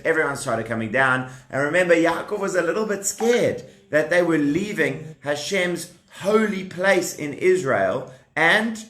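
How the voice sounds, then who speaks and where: A man in his thirties telling a puppet story to children at home, animated and asking the kids questions as he goes. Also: on the high side, roomy sound.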